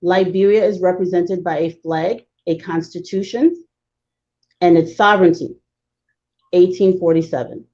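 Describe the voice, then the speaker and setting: A woman speaking as a guest on a talk show, explaining history in an emphatic, lecturing way with fast bursts. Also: on the low side, steady tone, warm tone, highs cut off.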